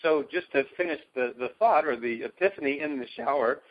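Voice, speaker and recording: Lively man on a lo-fi call. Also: a little fast. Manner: enthusiastic, emphatic, jumps pitch on key words. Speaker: guest, self-help coach. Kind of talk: animated conversational explaining. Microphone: call line. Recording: dull lo-fi phone-call audio.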